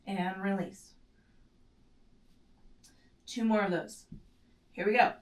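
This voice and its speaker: A woman's voice: on the high side, expressive, takes it slowly, long pauses, distant mic. Woman pilates instructor, casual cues, strained breathing, roomy echo, a bit off-mic. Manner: cueing while doing the moves, strained short breaths; casual, self-correcting, with fillers. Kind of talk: guided exercise instruction. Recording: echoey room, set back from the mic.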